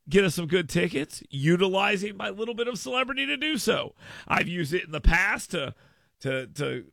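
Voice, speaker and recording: A man's voice: sits high, gravelly, bright, forceful tone, dry recording, studio quality. A man hosting a radio talk show, riffing emphatically with listeners in a casual monologue.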